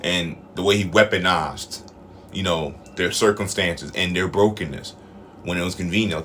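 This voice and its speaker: A man's voice: deep voice, moderate pace, a bit bright, a little hiss or hum. A man giving casual opinion commentary on a show, blunt, emphatic and full of profanity.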